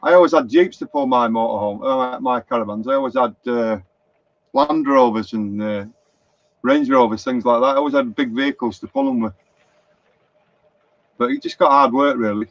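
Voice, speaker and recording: A man's voice: medium pitch, normal speed, no room sound. A middle-aged man with a Lancashire accent, rambling through anecdotes on a live stream and reading out viewer comments. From Lancashire, England. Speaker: motorhome vlogger. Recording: dull lo-fi live stream, dry.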